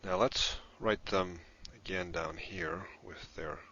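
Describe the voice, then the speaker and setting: A man's voice: low-pitched, fairly even intonation, slow pace, sharp tone, muffled recording, a little hiss or hum. A man giving a recorded lesson, explaining patiently step by step while he writes things down. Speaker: instructor in a played lesson video.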